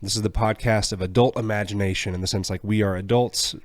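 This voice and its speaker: Deep-voiced podcast co-host. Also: male voice, steady tone, fast talker. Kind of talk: casual podcast conversation.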